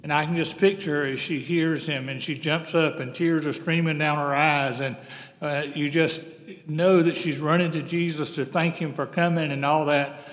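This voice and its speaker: A man preaching a sermon as pastor, earnest, slowing down to stress key phrases. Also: on the high side, fairly even intonation, a bit bright. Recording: long hall reverb.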